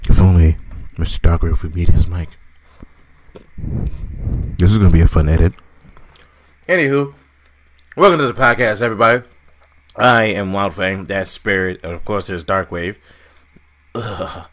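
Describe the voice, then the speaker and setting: Low-voiced man hosting a podcast. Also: a little slow, pauses often, a little hiss or hum. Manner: jokey, mock-dramatic complaining. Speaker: podcast host. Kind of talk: casual podcast banter.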